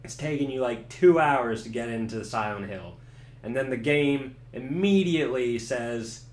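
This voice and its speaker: A young man giving a sarcastic, swearing comedic review of a video game and acting out the characters in quick voices. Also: fairly high pitch. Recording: echoey room.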